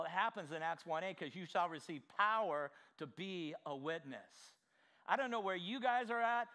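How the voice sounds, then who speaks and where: Fervent high-voiced male preacher. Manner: fervent, swinging from quiet asides to shouted exclamations; asks the congregation direct questions. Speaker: pastor. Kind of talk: sermon.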